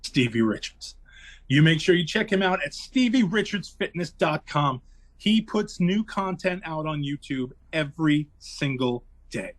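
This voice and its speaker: A man's voice: a little high, expressive, unhurried. Man hyping a plug, mock-preachy. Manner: hyped, mock-preachy exhortation. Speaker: podcast co-host. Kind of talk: jokey sponsor plug.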